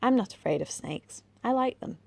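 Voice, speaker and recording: A woman's voice: a little high, animated, normal speed, creaky, darkish tone, breathy edge, dry recording, voice pushed up, exaggerated voice. A woman voicing a bold, boastful boy in a storybook reading, talking cocky and matter-of-fact.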